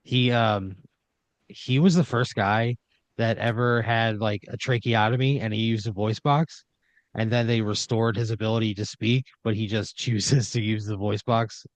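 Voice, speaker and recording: Low-voiced man improvising a story. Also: fairly even intonation, moderate pace, no room sound. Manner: rambling, many uhs and restarts. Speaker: podcast storyteller. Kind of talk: improvised second-person storytelling.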